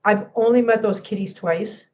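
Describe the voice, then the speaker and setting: A woman's voice: mid-range voice, fairly even intonation, moderate pace, a little mellow, a little hiss or hum. A woman hosting a cat channel livestream, tearful and talking to viewers in an emphatic, impassioned way that repeats phrases.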